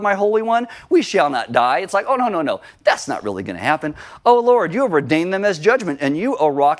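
A male pastor preaching a sermon, acting out quoted prayers with animated emphasis. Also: fairly high pitch.

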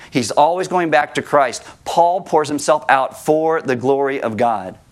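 A middle-aged male pastor preaching a sermon in a conversational way, with joking asides to the congregation. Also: fairly high pitch.

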